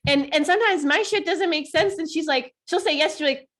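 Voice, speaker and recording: Animated high-pitched woman chatting. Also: a little fast. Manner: animated, acts out quotes with shifting tone; laughs often, swears casually. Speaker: co-host. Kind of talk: casual podcast chat.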